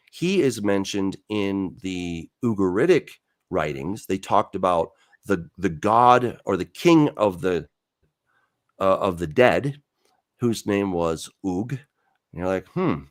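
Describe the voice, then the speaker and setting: This deep male voice comes through with clean studio sound and no room ambience. The speaker, an author who teaches the Bible, explains scripture in conversation as a lively storyteller who performs the dialogue he quotes and often backs up to restart with filler words.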